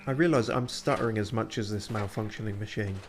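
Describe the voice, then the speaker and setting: A man's voice: fairly low pitch, fast, music in the background. A man streaming a video game, chatting casually with plenty of swearing and self-mocking asides. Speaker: let's play streamer. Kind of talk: casual gameplay commentary.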